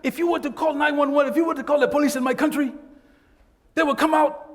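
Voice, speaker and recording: A man's voice: very high-pitched, steady tone, fast talker, voice pushed up. A man putting on the voice of a puzzled, earnest immigrant client in an echoey hall. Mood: indignant.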